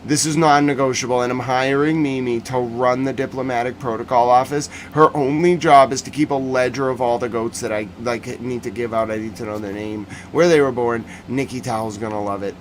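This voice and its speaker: A man's voice: mid-range voice, brisk, hardly any pauses, a little hiss or hum. Guy hosting a news recap stream, mid voice, jokey and rambling. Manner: animated, joking, rambling. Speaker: news commentary host. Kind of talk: casual livestream commentary.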